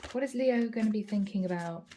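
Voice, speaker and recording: A woman giving a channeled tarot reading, speaking calmly and reassuringly, addressing the listener directly and repeating key phrases. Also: mid-range voice, fairly quick, slight background noise. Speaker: tarot reader.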